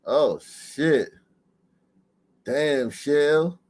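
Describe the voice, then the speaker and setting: A man's voice: fairly high pitch, drawn-out words, darkish tone. A man hosting a livestream, riffing casually with lots of cursing and laughter, ending almost every line with "man.". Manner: profane, laughing, ends lines with "man". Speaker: livestream host. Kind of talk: casual commentary.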